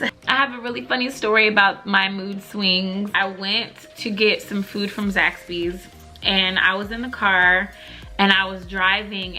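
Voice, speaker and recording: Bright-voiced chatty woman vlogger. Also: mid-range voice. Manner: chatty, many fillers, laughs while telling stories. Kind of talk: casual chat to camera.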